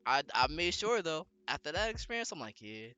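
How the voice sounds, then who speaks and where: A man's voice: on the high side, fairly quick. Young man telling a slangy story. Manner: slangy, animated storytelling with lots of fillers. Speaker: podcast co-host. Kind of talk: casual storytelling chat.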